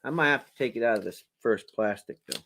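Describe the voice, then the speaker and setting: Fast-talking and gravelly, this medium-pitched man hosts an informal charity auction video, exclaiming and joking aloud while he shows coins to his viewers. A slight hiss or hum sits in the recording.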